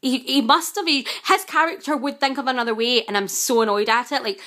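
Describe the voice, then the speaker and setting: A woman chatting casually as a vlogger reviewing a TV series, excitable and gushing, with frequent fillers and exasperated outbursts. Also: high-pitched, fairly quick. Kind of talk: casual chat.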